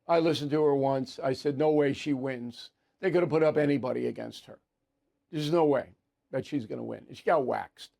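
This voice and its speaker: A man's voice: on the high side, creaky, a little mellow. An older man giving a blunt, opinionated political commentary, firing off rhetorical questions. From United States.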